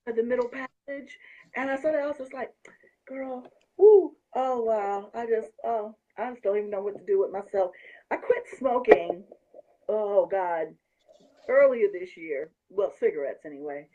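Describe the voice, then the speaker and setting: Host: woman, husky, effusive and gushing, slightly muffled lo-fi sound. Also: mid-range voice, normal speed, mellow. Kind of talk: excited casual chat.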